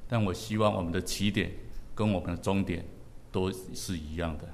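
A man preaching a sermon in short, measured phrases, pausing so his words can be interpreted. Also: low voice, steady tone, in a large hall, a little hiss or hum. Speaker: pastor.

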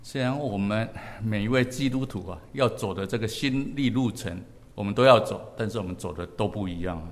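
A man preaching a sermon in short, measured phrases, pausing so his words can be interpreted. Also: lowish voice, in a large hall. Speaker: pastor.

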